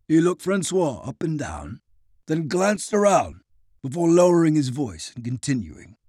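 A man narrating an audiobook chapter in an expressive storytelling voice. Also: fairly high pitch, a little slow, husky, no echo, studio quality. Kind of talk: scripted narration.

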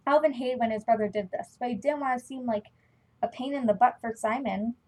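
A woman's voice: a little high, fairly quick, darkish tone, poor audio. A woman casually reading a fan story aloud into a computer mic, often stumbling and correcting herself. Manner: chatty, stumbling, self-correcting. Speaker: fan-fiction reader.

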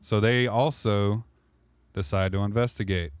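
A man's voice: lowish voice, steady tone, a little slow, smooth, no echo. A man narrating a role-play podcast as game master, loose and rambling, correcting himself as he goes.

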